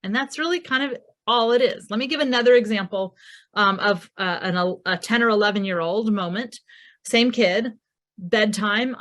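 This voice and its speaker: A woman's voice: medium pitch, fairly bright tone. A woman presenting a recorded parenting masterclass in a conversational way, acting out quoted dialogue as she speaks.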